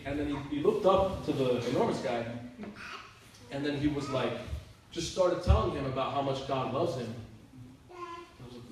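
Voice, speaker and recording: Speaking briskly in a medium-pitched, slightly mellow voice, a male youth minister chats casually with a youth group, telling stories packed with filler words. The recording has a distant mic, an echoey room, and faint hiss.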